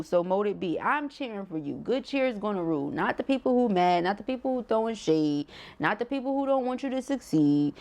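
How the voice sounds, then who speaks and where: A woman's voice: medium pitch, darkish tone. A woman with a sore throat giving a casual, emphatic tarot reading, full of slang and rhetorical questions. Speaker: tarot reader.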